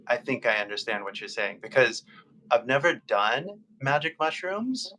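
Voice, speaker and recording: A man's voice: mid-range voice, big pitch swings, normal speed, bright, forceful tone, slight background noise, rough recording. Patient Californian man coaching English. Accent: Californian American English. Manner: casual, patient, lots of fillers and repeated prompts. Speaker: English tutor. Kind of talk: live-stream conversation practice.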